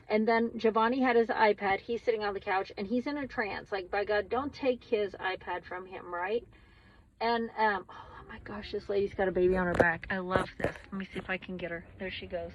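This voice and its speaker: A woman in her forties, from Texas, talking candidly to her phone camera while driving, rambling with plenty of ums. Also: fairly high pitch. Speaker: family vlogger. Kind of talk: casual vlog chat. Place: in a car, driving in rain. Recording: slightly dull lo-fi phone audio.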